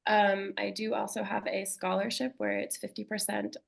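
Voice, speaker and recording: A woman presenting a retreat on a webinar video call, halting with many ums, her voice a little worn. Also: medium pitch, level tone, vocal fry, low-quality recording. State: losing her voice. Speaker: retreat co-facilitator.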